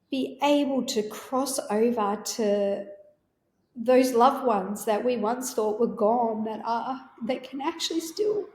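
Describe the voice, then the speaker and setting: Woman host, rather high voice, earnest rambling storyteller, roomy echo. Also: mellow. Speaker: podcast host. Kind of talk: personal storytelling.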